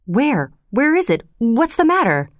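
A woman's voice: medium pitch, expressive, measured pace, clear, resonant tone, dry recording, studio quality, close to an everyday voice. A woman doing a weary frightened old father. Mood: alarmed. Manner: weak, fearful.

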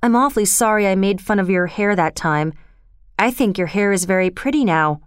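Earnest teen boy, lady reading him, hurried and pleading, smooth voice. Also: medium pitch, no echo, studio quality, close to an everyday voice. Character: earnest teenage boy, eager then sharp.

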